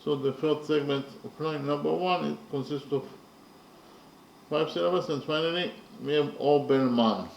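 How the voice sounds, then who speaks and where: A man teaching poetry in a slow, methodical lecture, counting syllables carefully and pausing often with fillers. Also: fairly high pitch, flat delivery, vocal fry, reverberant, lo-fi sound, a little hiss or hum.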